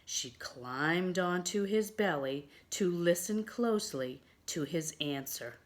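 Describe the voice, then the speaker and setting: A woman reading a picture book aloud to children in an expressive way, adding asides for her young listeners. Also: lowish voice, slow. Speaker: children's storyteller.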